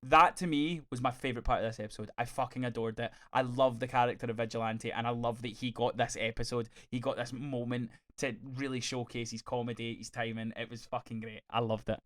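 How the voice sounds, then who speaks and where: Excitable swearing man reviewing a show. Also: medium pitch, brisk, few pauses. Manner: enthusiastic, swears freely, acts out scenes in quoted voices. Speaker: podcast co-host. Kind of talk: casual chat reviewing a TV episode.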